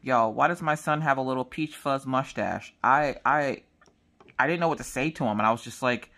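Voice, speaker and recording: A woman's voice: a bass voice, lively intonation, a little fast, fairly bright tone. A woman in her thirties chatting casually while crafting, rambling through family stories. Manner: chatty, rambling storytelling with quoted dialogue. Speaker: crafting vlogger.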